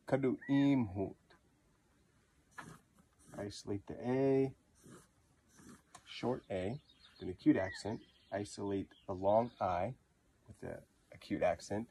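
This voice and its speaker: A man giving a patient pronunciation lesson, repeating words slowly to model how they sound. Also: fairly low pitch, mellow, slight background noise. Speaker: language teacher.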